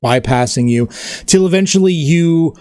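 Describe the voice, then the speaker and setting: A man's voice: on the high side, moderate pace, mellow, clean tone, no echo, clean studio sound. A man narrating as game master in a casual, rambling way, full of filler words.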